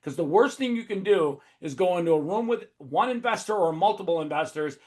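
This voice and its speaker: A man hosting a webinar, talking in a profane, high-energy, emphatic way. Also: lively intonation, a little fast, a little mellow. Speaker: host. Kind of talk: casual webinar talk.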